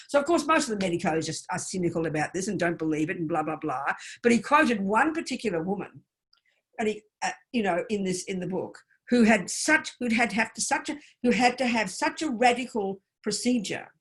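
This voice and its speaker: A Buddhist nun teaching a workshop in an emphatic, animated way, with blunt, colloquial asides. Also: female voice, mid-range voice.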